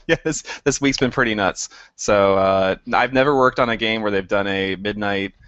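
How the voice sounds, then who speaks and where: A man's voice: on the low side, normal speed, fairly bright tone, no echo. A man, a game director guest, chatting casually in an interview, rambling and laughing at himself. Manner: rambling, chuckling, self-deprecating. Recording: dry, slightly dull podcast audio.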